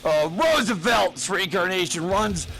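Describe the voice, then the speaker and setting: A man's voice: sits high, expressive, a little slow, bright, forceful tone, faint music behind, poor audio. A man doing a rambling, profane comedic rant full of fillers, as a gaming vlogger.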